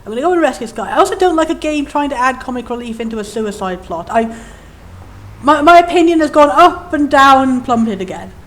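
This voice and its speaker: A woman's voice: high voice, expressive, brisk, a bit bright. A young woman giving chatty, enthusiastic and opinionated commentary as she plays a game. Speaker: let's play host.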